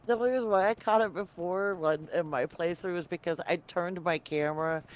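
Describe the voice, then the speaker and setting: A man co-hosts a gaming stream in easy, casual talk. He is chatty and laughs often between remarks. His voice sits a bit high for a man. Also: normal speed. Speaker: co-host who has played the game. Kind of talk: casual gameplay chat.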